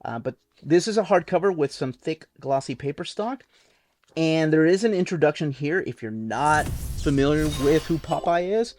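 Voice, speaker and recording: A man's voice: on the high side, lively intonation, normal speed, darkish tone. A man casually showing and reviewing comic books, rambling and enthusiastic with plenty of fillers. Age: adult, watched reruns as a kid. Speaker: book reviewer. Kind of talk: casual product overview.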